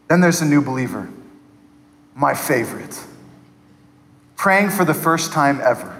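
A man preaching with a high, light voice, talking to the congregation like a friend and slipping into mimicry. The sound carries a long reverb from a large hall. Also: measured pace, pauses often. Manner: animated, mimics people in funny voices. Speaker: pastor. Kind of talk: sermon.

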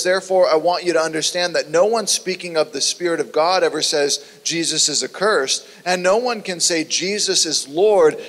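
A man preaching a sermon in an earnest, conversational way that sometimes turns animated. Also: high voice. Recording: long hall reverb.

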